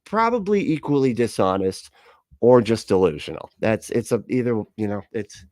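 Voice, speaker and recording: A man's voice: on the low side, big pitch swings, moderate pace, a little mellow, no echo, studio quality. A man hosting a casual livestream, reacting with sarcasm, frequent laughs and rambling asides. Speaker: livestream host reacting to a video.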